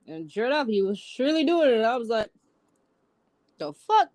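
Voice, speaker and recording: High, lively woman podcast co-host. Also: quick pace, no echo. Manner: lively, laughing, blunt with profanity. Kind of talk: casual podcast chat.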